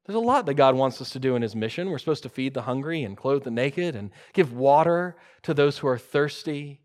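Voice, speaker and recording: A man preaching a sermon, moving between loud emphatic lines and quiet, hushed ones. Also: mid-range voice, expressive, brisk.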